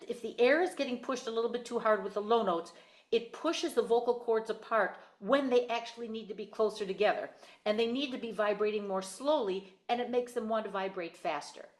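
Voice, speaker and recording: A woman voice teacher giving a singing lesson over a video call, explaining in careful detail and repeating her points. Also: fairly high pitch.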